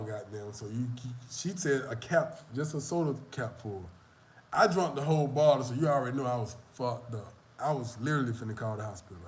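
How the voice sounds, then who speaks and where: Loose-talking man on a casual live stream. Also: mid-range voice. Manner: loose, profane storytelling, animated retelling. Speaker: vlogger answering live chat.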